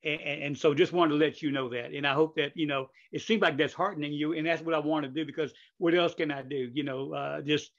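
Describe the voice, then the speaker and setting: Older male podcast host, slightly high voice, rambling chatty delivery full of fillers, muffled lo-fi recording. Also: steady tone, brisk, hardly any pauses. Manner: rambling, with many fillers and restarts. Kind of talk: casual interview chat. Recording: dull lo-fi audio.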